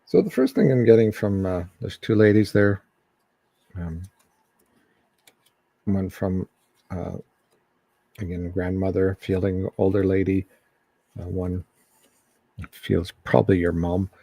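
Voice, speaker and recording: Low gravelly guy doing a casual psychic reading on stream, lots of ums, dark husky voice. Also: no room sound. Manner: halting, many ums and restarts.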